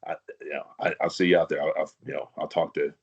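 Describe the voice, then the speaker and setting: A man's voice: a bass voice, level tone, quick pace, husky, highs cut off. A man, a former wrestler, telling stories in a casual podcast chat, laughing often and swearing freely.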